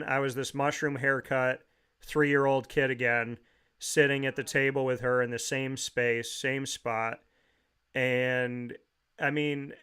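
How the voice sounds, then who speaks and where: A man's voice: mid-range voice, fairly bright tone, clean tone. A man hosting a talk show, telling heartfelt family memories in a rambling way with frequent restarts.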